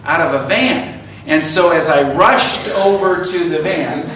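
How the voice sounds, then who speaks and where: A man's voice: on the high side, unhurried, background noise. A man in his sixties giving a sermon as minister, telling stories and asking the congregation questions. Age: 60s. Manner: storytelling, animated, asks congregation questions. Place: church sanctuary. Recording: roomy echo from a distant mic.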